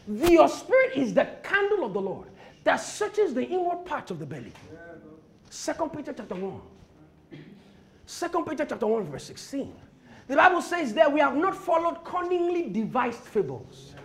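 A man preaching with a very high, gravelly voice that rides up and down with great animation. He drops to quiet murmurs one moment and breaks into impassioned shouts the next as he reads and explains scripture. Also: sing-song, fairly quick. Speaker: pastor. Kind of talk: sermon.

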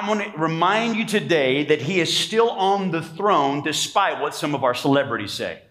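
A male pastor preaching a sermon emphatically, calling for amens from the congregation. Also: a little high. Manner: emphatic preaching, calls for amens, rising to shouts. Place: church sanctuary.

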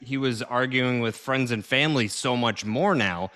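Male co-host, wry jokes, medium pitch. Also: normal speed, sharp tone. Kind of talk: casual podcast chat.

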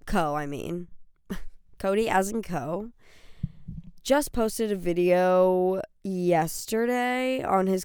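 A young woman hosts her own podcast in a loose, rambling way, full of fillers, gushing asides and self-corrections. Her voice is smooth and clear, and she talks at an unhurried pace. The close mic sounds dry, with no room echo. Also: lowish voice, a little mellow. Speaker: podcast host. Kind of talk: solo chatty podcast rant.

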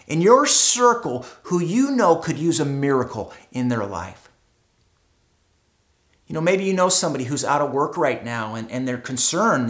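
A pastor preaches a dramatic sermon, rising to loud emphatic peaks and dropping to hushed stretches. Words and phrases come back again and again for weight. The voice sits mid-pitch and rings in a roomy, echoey hall. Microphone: streamed service mic.

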